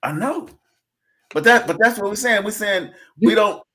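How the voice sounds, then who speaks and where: A man hosting a casual conversation, telling stories in an animated, preachy way. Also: high-pitched, normal speed. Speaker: podcast host.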